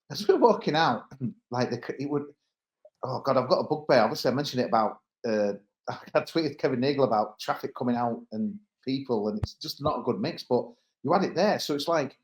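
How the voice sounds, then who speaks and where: Animated East Midlands man, pod regular, rambling anecdotes, echoey room. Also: mid-range voice. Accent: English East Midlands. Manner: rambling storytelling with laughs. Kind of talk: casual podcast chat.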